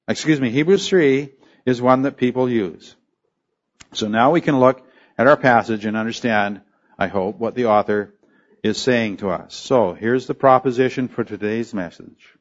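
A man preaching an expository sermon, emphatic and deliberate, often asking rhetorical questions as he teaches. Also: medium pitch, muffled recording. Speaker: pastor.

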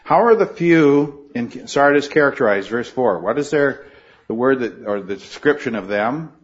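A man's voice: mid-range voice, expressive, moderate pace. Earnest man teaching a Bible class. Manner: earnest, questioning the class, frequent restarts. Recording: muffled lo-fi recording.

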